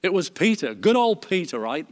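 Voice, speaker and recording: A man's voice: sits high, big pitch swings, normal speed. A man leading a Bible study, reading scripture aloud earnestly, with frequent fillers and restarts. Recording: long hall reverb.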